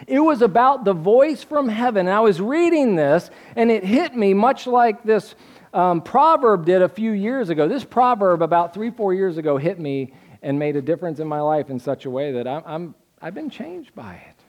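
A man preaching a sermon as pastor in a casual, conversational way, often pausing to let the congregation fill in the answer. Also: high-pitched, a little mellow.

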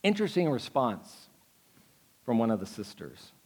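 A man preaching a sermon as pastor, animated and conversational, acting out quotes from the story. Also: sits high, normal speed.

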